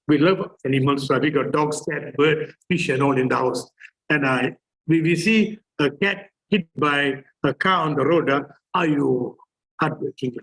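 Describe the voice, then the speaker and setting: A man's voice: fairly high pitch, low-quality recording. A man from Malaysia with a Malaysian English accent, a therapist giving a chatty conference presentation full of fillers and repeats.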